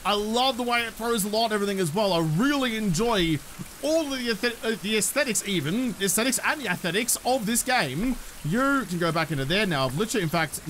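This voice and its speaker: A man's voice: sits high, fairly bright tone, a little hiss or hum. A man giving chatty, self-mocking solo gameplay commentary, swearing now and then. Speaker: gaming YouTuber.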